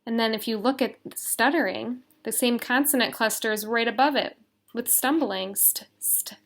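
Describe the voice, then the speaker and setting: A woman teacher giving a recorded phonics lesson to young children, patient and sounding out letter sounds slowly and deliberately. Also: a little high. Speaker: elementary school teacher.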